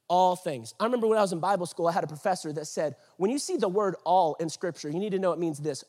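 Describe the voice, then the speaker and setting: High-voiced, husky preaching man. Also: fast, hardly any pauses. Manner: swings from hushed to shouting with repeated prayer lines. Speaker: pastor. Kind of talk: sermon. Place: church stage.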